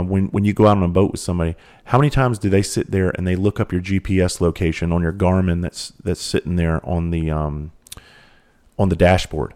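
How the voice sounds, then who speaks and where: A man's voice: deep voice, warm tone. A middle-aged man, talking bluntly in a casual monologue and swearing freely.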